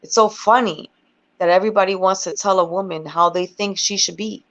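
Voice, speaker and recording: A woman's voice: mid-range voice, steady tone, brisk. A woman rapper talking bluntly and emphatically in a casual interview, with plenty of profanity. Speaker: guest rapper. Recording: dull lo-fi recording.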